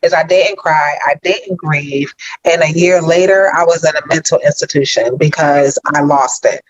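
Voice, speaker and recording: A woman's voice: deep voice, moderate pace, muffled recording. A woman coach on a video call giving earnest, insistent advice and repeating her points. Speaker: growth mindset coach.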